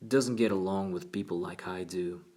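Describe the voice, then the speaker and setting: A man's voice: low voice, steady tone, moderate pace, warm tone. A man voicing a friendly, talkative eighteen-year-old in an audiobook reading. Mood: casual.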